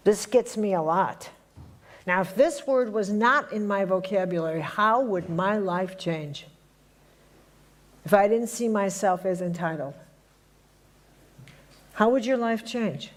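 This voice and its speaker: A woman's voice: mid-range voice, measured pace, pauses often. A woman leading a spiritual workshop who talks conversationally and teases the live group as she quizzes them. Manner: conversational and teasing, quizzing the audience. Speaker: workshop leader.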